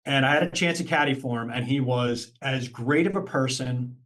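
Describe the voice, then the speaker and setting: A man's voice: medium pitch, normal speed, a bit bright. Chatty man in his fifties, storytelling. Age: 50s. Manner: chatty storyteller with frequent restarts and fillers. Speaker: podcast guest, marketing consultant. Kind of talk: casual interview chat.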